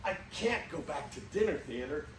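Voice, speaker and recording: An actor playing a harried, desperate theater staffer who scolds with exasperated insistence, in a live stage play. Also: male voice, on the high side, lively intonation, moderate pace, lightly acted. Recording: echoey stage, distant mic, faint hiss.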